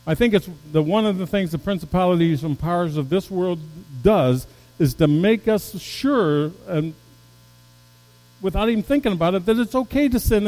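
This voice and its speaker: A man preaching a sermon as pastor, swinging from loud emphatic peaks down to low, soft passages, with stumbling restarts. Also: low-quality recording.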